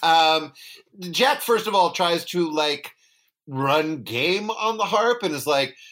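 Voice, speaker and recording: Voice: medium pitch, expressive, slow, a bit bright. A podcast co-host recapping a film in casual, jokey chat, often slipping into mock voices.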